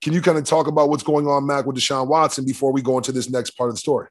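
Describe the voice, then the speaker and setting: A man from Michigan co-hosting a casual podcast, brash and profane, talking fast and steering the conversation. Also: mid-range voice, fairly even intonation. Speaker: co-host, former football player.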